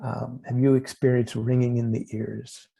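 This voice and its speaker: A man hosting an interview over a video call, talking in a halting way with many restarts and fillers. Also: mid-range voice, flat delivery, vocal fry, mellow, husky, poor audio. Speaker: host. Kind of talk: casual interview chat.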